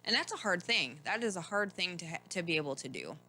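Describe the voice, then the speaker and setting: A woman's voice: fairly low pitch, very animated, fast talker, bright, forceful tone. A woman podcast host from Michigan telling a rambling, candid personal story, often laughing and restarting her sentences.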